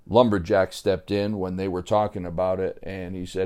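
A man telling a story to children in a playful, animated way, sometimes imitating animal sounds. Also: sits low, normal speed, few pauses, smooth.

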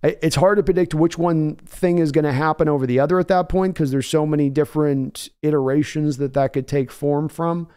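A man's voice: a little high, fairly even intonation, brisk, few pauses, warm tone, clean tone. A man hosting a live sports stream, chatting casually and answering viewers by name. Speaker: sports podcast host reading chat.

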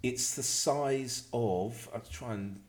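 A man's voice: medium pitch, slow. A man co-hosting a casual podcast, rambling and playful, laughing often. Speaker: podcast co-host. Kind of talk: casual banter.

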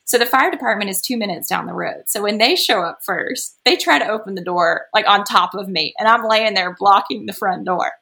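A woman's voice: mid-range voice, expressive, a little fast, creaky, few pauses, pushed and bright. A woman, a podcast guest talking through a personal story in a chatty way and laughing often. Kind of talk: casual storytelling.

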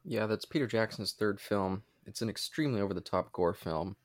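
A man's voice: on the low side, a little fast, no echo, clean studio sound. A man co-hosting a casual movie commentary, eagerly explaining film trivia. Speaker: podcast co-host.

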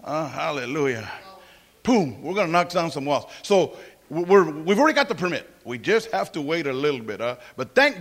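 A man preaching a sermon as pastor, emphatic and animated, mixing in humor and asides. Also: on the high side, fairly quick, a faint crowd.

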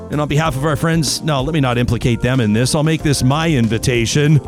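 A man hosting a talk radio show, opinionated and animated, talking in quick asides with his co-hosts. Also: a little high, soft background music. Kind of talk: casual talk radio banter and ad reads.

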